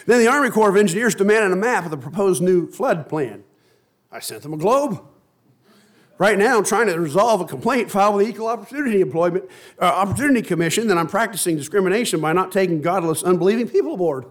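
A man's voice: high voice, animated, fast, pitched above the performer's own voice. Preacher putting on a frustrated, harried man, exasperated, listing complaints, raised tenor. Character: harried modern man pleading his troubles.

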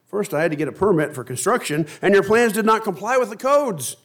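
A preacher doing a harried man pleading his case, exasperated and worn down by endless obstacles. The voice sits a little high and runs through complaint after complaint. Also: very animated, a little fast.

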